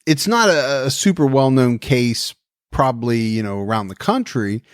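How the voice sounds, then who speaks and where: A man's voice: medium pitch, expressive, normal speed, clear, resonant tone, no echo, studio quality. A man co-hosting a podcast, chatting in an easygoing way. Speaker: podcast co-host. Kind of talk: casual chat.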